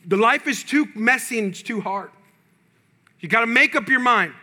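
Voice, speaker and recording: High-voiced, bright preaching man. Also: lively intonation, moderate pace. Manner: preaching with rising intensity, quoting imagined prayers; conversational slang, repeats phrases for emphasis. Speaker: pastor. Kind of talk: sermon.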